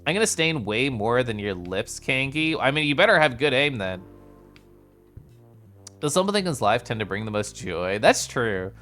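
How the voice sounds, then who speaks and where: A man streaming a casual chat with viewers, with playful sing-song intonation and drawn-out syllables, sometimes sinking into soft, quiet murmurs. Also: medium pitch, very animated, soft background music. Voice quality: comfy, distinctive voice. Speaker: livestreamer.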